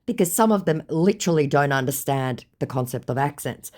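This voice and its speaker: A woman's voice: low voice, expressive, brisk, a little mellow. A woman reads out a chat with a scammer in sarcastic, mocking casual commentary. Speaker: vlogger exposing scammers.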